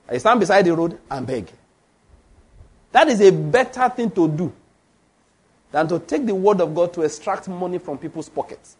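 A male preacher with a high voice delivers a sermon. He speaks emphatically and drives his points home by repeating key lines, and he reads scripture aloud. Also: expressive, normal speed, long pauses, darkish tone, slightly rough.

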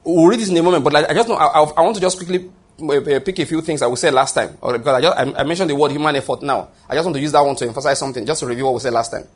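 A man's voice: on the high side, very fast, slightly rough. A man preaching a sermon, emphatic and repetitive, often restarting his phrases.

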